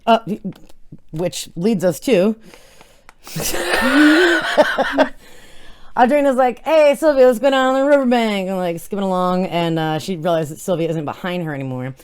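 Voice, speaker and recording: A woman co-hosts a podcast in a casual book-recap chat. She jokes, swears, and acts out characters' lines. Her voice is mid-pitched. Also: lively intonation, measured pace, clear, resonant tone. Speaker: podcast co-host.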